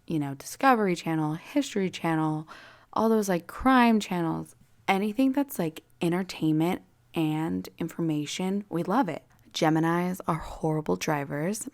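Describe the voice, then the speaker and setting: A young woman rambling through her solo podcast in a blunt, profane, casual way. Her voice sits a little low and carries a gravelly fry. She piles on fillers and curses as she goes. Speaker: podcast host.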